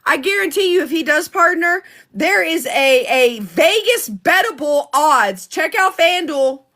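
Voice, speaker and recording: Lady going off in a live rant, high sharp voice, swearing a lot. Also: animated. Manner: heated, profane, fast-talking. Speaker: political commentary vlogger.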